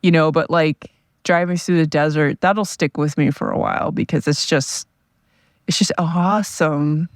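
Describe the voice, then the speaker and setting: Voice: medium pitch, steady tone, normal speed, dry recording, studio quality. A podcast host talking casually on their own, rambling and self-deprecating. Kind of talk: casual solo podcast monologue.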